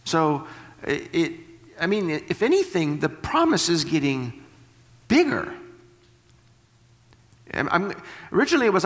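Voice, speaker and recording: A man preaching a sermon, reading scripture slowly and then paraphrasing it in animated bursts. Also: high-pitched, in a large hall.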